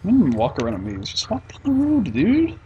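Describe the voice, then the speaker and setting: A young man giving casual, excitable gameplay commentary, swearing and mock-frustrated. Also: fairly high pitch, fast, lo-fi sound, a little hiss or hum. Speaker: let's play gamer.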